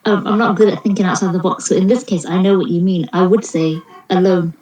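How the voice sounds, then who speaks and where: A lower-voiced woman joins an online lesson as a student. She answers haltingly, with plenty of ums and pauses as she works through her thoughts, heard over a video call. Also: steady tone, darkish tone, poor audio. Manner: hesitant, thinks aloud with fillers.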